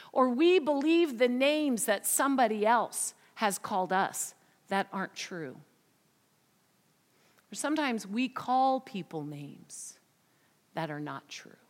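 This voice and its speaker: A woman preaching a sermon through a story, swinging dramatically in loudness and often dropping to a whisper. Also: a little high. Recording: long hall reverb.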